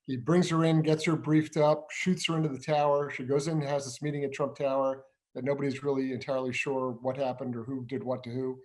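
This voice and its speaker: A man hosting an interview who once worked as an intelligence officer, explaining events in a measured way, step by step. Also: medium pitch, level tone, a little mellow. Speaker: show host and former intelligence officer. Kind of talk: conversational interview.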